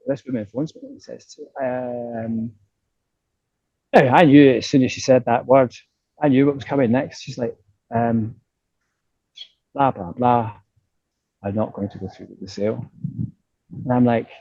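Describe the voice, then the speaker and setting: A man's voice: mid-range voice, mellow, husky, no echo, lo-fi sound. A middle-aged man with a Scottish accent, a guest in a casual interview, telling stories animatedly, swearing freely and tagging his sentences with "right?". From Scotland.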